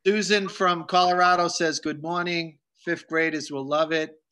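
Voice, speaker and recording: Bright jokey man hosting a video call. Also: a little high, steady tone, moderate pace, clean tone. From Massachusetts. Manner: chatty, jokey, reads out viewer greetings. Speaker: children's author and host. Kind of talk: casual live video session for kids.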